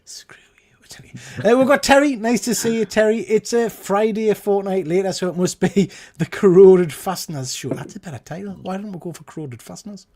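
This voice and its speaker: A man's voice: high voice, a little fast, hardly any pauses, dark tone. A man co-hosting a casual comics chat show, rambling and correcting himself as he talks. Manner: chatty, rambling, self-correcting. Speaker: podcast co-host.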